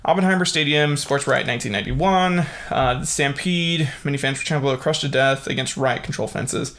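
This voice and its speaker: A young man hosting a casual solo podcast, reading facts haltingly with lots of fillers and breaking into excited exclamations. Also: mid-range voice, a little hiss or hum. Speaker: podcast host.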